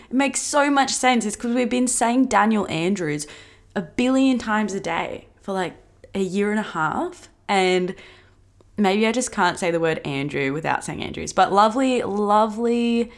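A woman in her twenties with an Australian accent, hosting a podcast in casual chat, bubbly and gushing and swearing freely. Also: on the low side. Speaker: podcast host.

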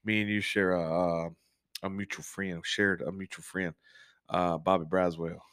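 A man hosting a casual podcast, telling a personal story in a halting, candid way with frequent swearing. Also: low-pitched, little pitch movement, fairly bright tone, no echo, studio quality. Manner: works as an on-call technician, speaks plainly about long shifts. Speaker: podcast host.

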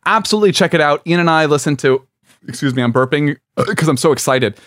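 A man's voice: on the high side, fast, fairly bright tone, no room sound, clean studio sound. A young adult man co-hosting a podcast, laughing often and rambling a little, tipsy from champagne. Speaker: podcast co-host. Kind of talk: casual comedic chat.

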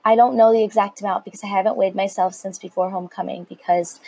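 A woman's voice: mid-range voice, steady tone, quick pace, darkish tone, slight background noise, low-quality recording. A teenage girl in her late teens talking candidly to her viewers about a hard personal time, rambling with many likes and restarts. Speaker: vlogger. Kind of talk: personal confessional story.

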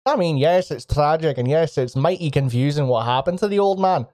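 A man's voice: a little high, brisk, a little mellow, no echo, clean studio sound, close to an everyday voice. A man voicing a hunched, wrinkly old woman villager with a prim, scolding manner.

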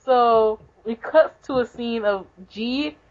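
A woman's voice: a little high, takes it slowly. A woman co-hosting a podcast, recapping a manga in a rambling, casual way full of "like" and "basically". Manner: rambling, filler-heavy, with lots of "like" and "basically". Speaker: podcast co-host. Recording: dull lo-fi podcast recording.

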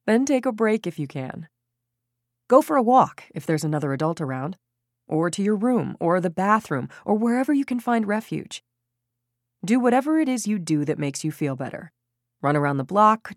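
A woman's voice: on the low side, dry recording, studio quality. A woman narrating a parenting audiobook, reading expressively and acting out quoted lines.

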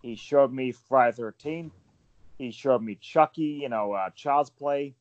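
A man in his forties hosting a casual panel chat, telling stories in an animated way with lots of fillers. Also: mid-range voice, measured pace, dry recording, lo-fi sound. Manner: animated, storytelling, frequent fillers. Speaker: podcast panel host.

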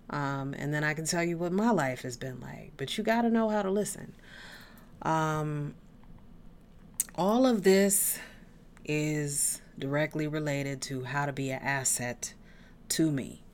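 A woman's voice: sits low, darkish tone. A woman hosting her own podcast, rambling through tangents in a blunt, casual way and swearing freely. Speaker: podcast host.

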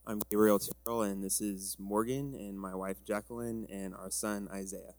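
A man's voice: fairly low pitch, steady tone, normal speed, a little mellow. Father introducing his family in church. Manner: brief and plain.

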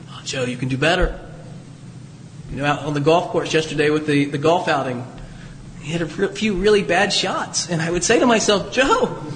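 A man's voice: high-pitched, a bit bright, slight background noise. An older man, a priest, giving a conversational, folksy homily with asides and chuckles in a church. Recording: reverberant church from a distance.

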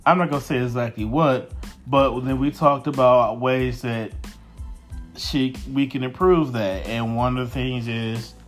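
Male co-host, easygoing and jokey, unhurried delivery, faint music bed. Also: medium pitch, fairly even intonation. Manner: laid-back, joking, drawn-out delivery. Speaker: podcast co-host, husband. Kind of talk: casual marriage chat.

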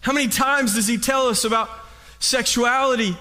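A man's voice: very high voice, normal speed. A middle-aged man preaching a sermon, telling a story and acting out what people said. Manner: animated storytelling, acts out quotes with voice shifts. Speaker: pastor.

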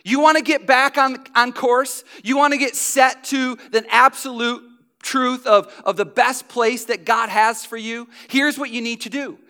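A man preaching a sermon as pastor, telling stories in an animated, conversational way. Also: very high-pitched.

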